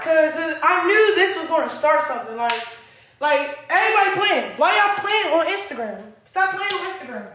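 Young woman ranting on a phone live, high voice, rambling and cussing, roomy echo. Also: animated, brisk, pushed and bright, dull audio. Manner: rambling, agitated and profane. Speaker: livestreamer. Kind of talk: casual livestream rant. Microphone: phone livestream.

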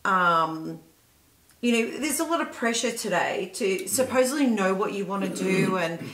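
A woman's voice: medium pitch, animated, moderate pace, background noise. A woman interviewer asking long, rambling questions full of fillers. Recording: echoey room.

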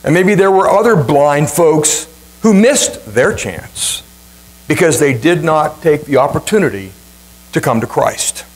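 A male pastor preaching a sermon with emphatic, dramatic repetition and swings in pitch. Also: lively intonation, a little slow, slightly rough, poor audio. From Ohio, USA.

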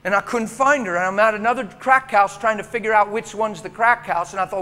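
A man preaching a sermon, telling stories with passion and swinging from hushed to loud. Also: high voice, fairly quick, few pauses, long reverb tail. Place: church hall.

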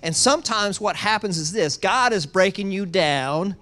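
Lively pastor, sermon delivery, big swings between loud and quiet, plays out voices for laughs. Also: moderate pace. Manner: animated, swings from loud excitement to hushed low tones; acts out quoted voices with humor.

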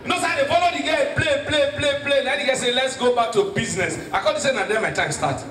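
A man with a Nigerian accent doing stand-up comedy, telling stories with animated delivery and shouting his punchlines to the crowd. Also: very high voice, fast talker, background noise. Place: comedy stage before a live audience. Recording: echoey stage from far off with crowd.

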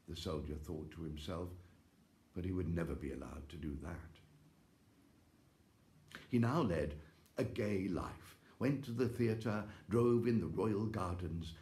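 A man's voice: low voice, expressive, measured pace, darkish tone. A male actor reading a fairy tale aloud at home in a theatrical way, with gasps and exclamations. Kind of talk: expressive storybook reading. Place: home, during lockdown. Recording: echoey room.

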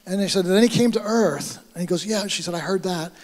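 High-voiced American pastor preaching. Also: male voice, brisk, big-room sound. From United States. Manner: storytelling, acting out dialogue, animated. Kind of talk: sermon. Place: church hall.

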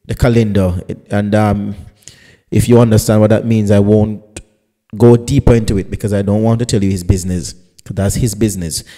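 A man's voice: lowish voice, warm tone, big-room sound. A man, a pastor hosting a live radio talk show, introducing his guest in a chatty, teasing way with rambling asides.

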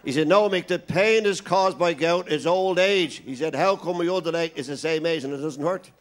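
Irish male stand-up comic with a rambling joke-telling manner and a voice a touch on the high side. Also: moderate pace. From Ireland. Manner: rambling joke teller, playing all the characters himself. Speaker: stand-up comedian.

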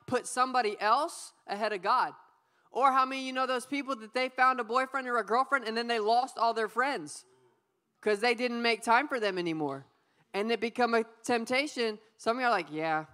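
Lively woman preaching to youth. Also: a little high. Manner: lively, playful, calls for audience responses. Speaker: youth pastor. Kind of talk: youth sermon. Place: church youth service.

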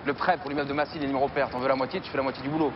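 An actor playing a brisk man who gives offhand orders about a business deal, speaking rapidly and curtly. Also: mid-range voice, fairly even intonation, natural voice. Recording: dull film clip with street noise.

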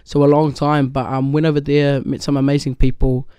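A man's voice: medium pitch, flat delivery, fairly quick, warm tone, clean tone, no room sound, clean studio sound. A young man with a New Zealand accent, an actor chatting loosely in an interview, full of "like" and "um". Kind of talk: casual interview chat.

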